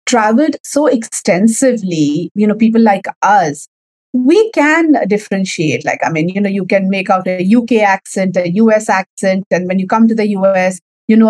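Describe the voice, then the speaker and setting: A woman's voice: mid-range voice, darkish tone, dry recording, rough recording. A woman with an Indian accent, a guest in a conversational interview, talking with many fillers and restarts.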